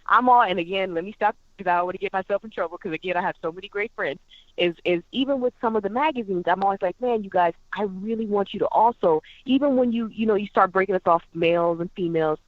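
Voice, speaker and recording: A woman's voice: medium pitch, quick pace, no echo, phone-quality sound. A woman guitarist and singer talking as a podcast interview guest, effusive and full of exclamations.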